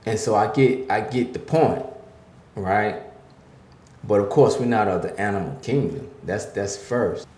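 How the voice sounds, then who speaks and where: A man in his fifties gives life advice in a low, unhurried voice. He talks slowly and hesitantly, then leans into a forceful, preacherly cadence. His voice rings in a roomy, echoing space. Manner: slow, halting start building to forceful preacherly emphasis. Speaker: speaker giving life advice to men. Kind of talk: motivational talk. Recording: roomy echo.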